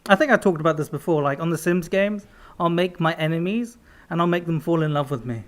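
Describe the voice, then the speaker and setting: A man with a fairly high voice chats on a casual podcast, teasing his co-host and laughing easily. He keeps the banter playful and light. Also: fairly quick.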